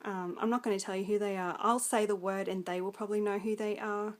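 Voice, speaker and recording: A woman's voice: medium pitch, steady tone, fast talker. A young Australian woman with an Australian accent, rambling through a casual film review full of ums and likes.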